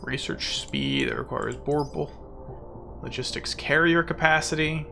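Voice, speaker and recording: A man's voice: on the high side, steady tone, measured pace, creaky, music in the background. A young man streaming a game, rambling in casual, goofy, self-mocking chatter.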